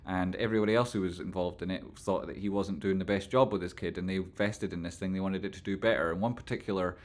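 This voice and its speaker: Guy rambling on his live stream, swears a lot, kinda low voice. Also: steady tone, quick pace. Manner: rambling, swears, talks back to chat. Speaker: livestream host reading chat. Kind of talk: casual livestream chat.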